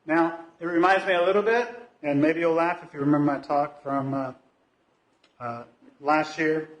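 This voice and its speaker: A man's voice: a little high, steady tone, normal speed. A man giving an informal talk from the pulpit of a church, musing aloud with many fillers and restarts. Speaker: lay speaker at a church service. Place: church sanctuary. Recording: echoey church hall.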